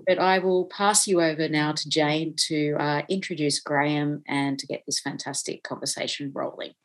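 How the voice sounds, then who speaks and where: A woman event host giving a polite, measured introduction of the interviewer. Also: low voice, level tone, poor audio. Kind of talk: formal introduction.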